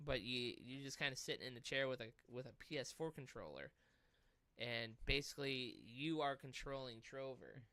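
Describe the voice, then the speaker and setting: A man with a bright, crisp voice chats casually on a gaming podcast. He tells his stories with animated energy and plenty of swearing. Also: medium pitch, normal speed, no room sound. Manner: animated storytelling with swearing and laughs. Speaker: podcast co-host.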